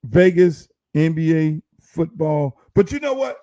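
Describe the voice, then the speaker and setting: A man's voice: fairly high pitch, expressive, unhurried, dark tone, no echo. A man hosting his own podcast, ranting in a casual, profane, heated way and firing off rhetorical questions. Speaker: podcast host.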